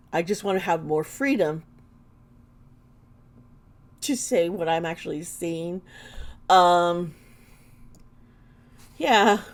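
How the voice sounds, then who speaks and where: A woman's voice: on the low side, darkish tone. A woman doing an intuitive tarot reading for her vlog, earnest and emotional, often trailing off mid-sentence. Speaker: tarot reader.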